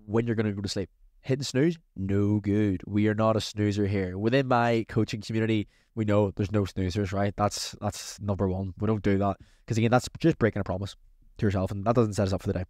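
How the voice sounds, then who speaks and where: A man hosting a casual advice podcast as a coach, talking in an energetic, chatty, motivational way. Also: on the low side, brisk, no room sound, clean studio sound.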